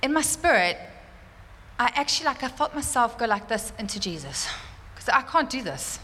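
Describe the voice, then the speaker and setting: A woman telling a church congregation a personal testimony, animated and fervent, laughing often. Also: fairly high pitch, moderate pace, a little hiss or hum. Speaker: church speaker sharing a testimony. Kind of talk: sermon testimony. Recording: roomy church hall reverb, faint ambience.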